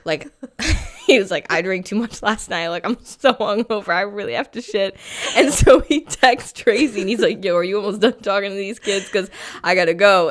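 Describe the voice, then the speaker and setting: A woman co-hosting a podcast, telling a story in casual chat and acting out the people in it with lively energy. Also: medium pitch. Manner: animated storyteller acting out quotes. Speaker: podcast co-host.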